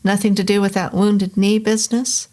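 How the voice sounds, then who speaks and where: A woman's voice: mid-range voice, level tone, moderate pace, warm tone, lightly acted. A woman voicing an irritable, pompous middle-aged male professor with a New England accent, talking down in a lecturing way. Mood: probing. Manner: lecturing, condescending.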